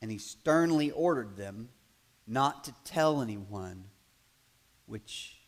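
A man preaching a sermon in a conversational way, building to loud, emphatic passages and acting out quoted voices. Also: medium pitch, lively intonation, takes it slowly. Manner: acts out quoted voices in asides. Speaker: pastor.

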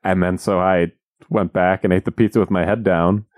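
A man's voice: deep voice, normal speed, no room sound. A man co-hosting a podcast, telling stories in casual banter and acting out quotes with exaggerated voices. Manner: animated, jokey, acts out quotes in exaggerated voices. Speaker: podcast co-host.

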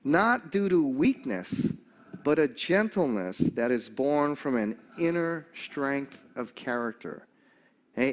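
An older man preaching a sermon, telling stories animatedly and acting out the voices of the people he quotes. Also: medium pitch. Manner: animated storyteller, acts out quoted voices, chuckles often.

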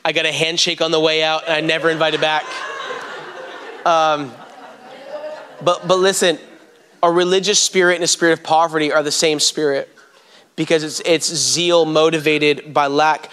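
Man preacher, bright and forceful, fairly high voice, storytelling sermon to the congregation. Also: flat delivery, normal speed, clear, resonant tone. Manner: storytelling, addresses the congregation directly.

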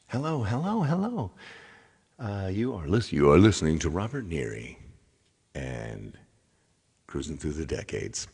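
A deep, low-pitched middle-aged man hosts a casual livestream. He chats along with viewers, trips over his words and restarts often, and wags a mock-stern finger at anyone who yells out requests. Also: expressive, a little slow, vocal fry, slightly rough. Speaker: livestream host and singer.

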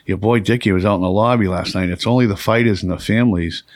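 A man hosts a casual podcast, spinning a long anecdote with plenty of swearing and laughter. His voice sits on the low side. The sound is dry and close, with little room around it. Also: fairly even intonation, fast talker, dry recording. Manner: profane, rambling, laughs often. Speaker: podcast host. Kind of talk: casual storytelling.

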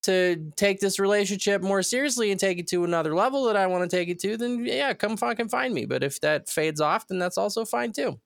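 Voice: medium pitch, fairly quick, vocal fry, hardly any pauses, no room sound, studio quality. A podcast co-host in casual chat, talking bluntly and swearing casually.

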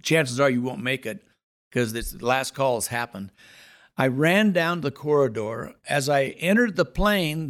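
A man's voice: medium pitch, a bit bright. Earnest storytelling pastor, a man. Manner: earnest, dramatic storyteller with building emphasis. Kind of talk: spoken testimony storytelling.

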